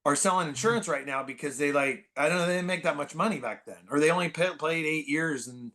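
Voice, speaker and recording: A man in his forties from the Bay Area, a podcast guest telling stories in an animated, rambling way full of "like". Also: fairly high pitch, quick pace. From San Francisco Bay Area. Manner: animated, filler-heavy, constant "like". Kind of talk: casual storytelling chat.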